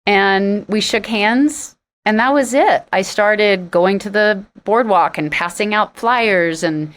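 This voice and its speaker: A middle-aged woman, a singer being interviewed on a podcast, telling stories frankly and emphatically, acting out old conversations with sudden leaps in pitch. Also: slow pace. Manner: animated, acts out quoted exchanges with sharp jumps in pitch.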